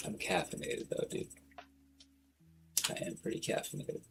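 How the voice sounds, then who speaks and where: A man's voice: lowish voice, vocal fry. A man chatting casually on a livestream, rambling in a slangy, loose way and swearing freely. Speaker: streamer.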